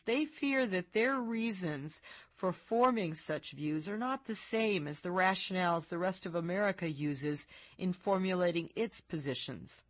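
A woman, an author, reading her own book aloud in a measured, reflective way. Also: on the low side, a bit bright, no room sound.

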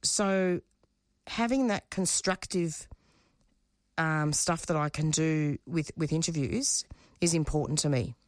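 A woman with a low voice talks openly about what drives her work, often stumbling and repeating words as the feeling builds. The sound is dry and close. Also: dry recording. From Australia. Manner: halting, repeats words, emotional and frank. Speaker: radio show producer and host. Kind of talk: interview guest, candid conversation.

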